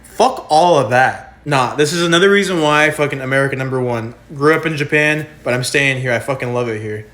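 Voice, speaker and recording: A man's voice: mid-range voice, a little fast, fairly bright tone. A man talking casually to camera, emphatic and enthusiastic, swearing freely.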